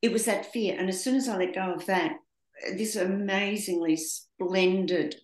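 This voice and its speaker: Woman, animated storyteller, acts out quotes, echoey room. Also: mid-range voice, normal speed. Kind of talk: casual group conversation.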